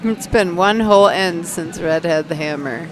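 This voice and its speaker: A woman's voice: lowish voice, normal speed, crowd noise. A woman doing casual live curling commentary, chatty and joking, often asking her co-hosts questions.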